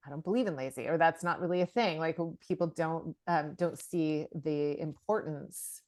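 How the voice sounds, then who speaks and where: A woman's voice: low-pitched, moderate pace, darkish tone, no echo. A woman in her forties co-hosting a podcast in casual chat, chatty and laughing often, with many fillers and restarts. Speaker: podcast co-host.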